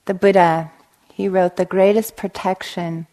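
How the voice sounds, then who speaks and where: Low-voiced woman giving a dharma talk. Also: fairly even intonation, unhurried. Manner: gentle, storytelling, frequent "right?". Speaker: meditation teacher. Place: meditation hall.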